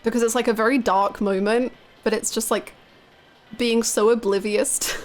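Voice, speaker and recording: A young woman chats with her stream audience as she plays, her voice sitting a touch on the high side. She giggles often and swears casually. Soft game music runs underneath. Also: brisk. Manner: chatty, laughs often, swears casually, talks to chat. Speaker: live streamer playing a video game. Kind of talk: casual gaming stream chat.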